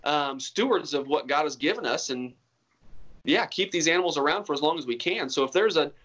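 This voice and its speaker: A man's voice: a little high, lively intonation, fairly quick, a bit bright, highs cut off. A man being interviewed about hunting, talking in an earnest, rambling way with many restarts. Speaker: hunter guest. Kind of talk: casual interview talk.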